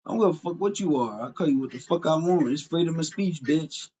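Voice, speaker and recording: A man's voice: a little high, lively intonation, fairly quick, warm tone, husky, rough recording. A man live-streaming, taunting someone with crude trash talk and insults. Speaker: livestreamer.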